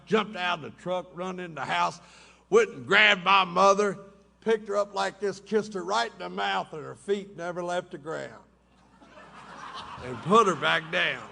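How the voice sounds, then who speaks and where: Man, slow drawl, gravelly voice, bright tone, funny yarns, hotel ballroom talk. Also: high-pitched. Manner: folksy, drawling, laughing at his own jokes. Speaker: recovery meeting speaker. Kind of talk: humorous storytelling talk.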